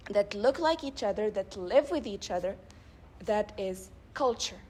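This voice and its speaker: A young woman delivering a public speech at a debate club event, building her points with rhetorical questions and measured emphasis. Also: fairly high pitch, breathy edge. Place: live event before an audience.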